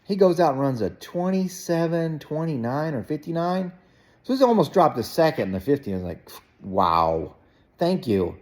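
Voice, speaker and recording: A man casually telling a rambling story as a parent, with frequent restarts and fillers. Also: a little fast. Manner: rambling, animated, jumps to a high voice when quoting himself. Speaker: parent vlogger.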